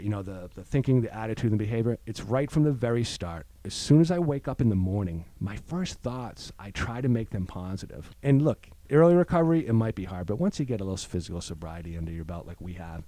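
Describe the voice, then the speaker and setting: Man, casual storytelling, animated, acts out voices, mellow tone, dry close sound. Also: fairly low pitch, a little fast, dry recording. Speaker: guest in recovery.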